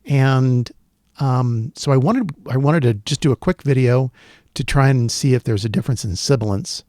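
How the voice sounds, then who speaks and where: A man's voice: medium pitch, normal speed, dark tone, dry recording. A man hosting a casual gear review video, chatting and thinking aloud with plenty of fillers into a studio dynamic microphone in a small home studio. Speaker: tech video host.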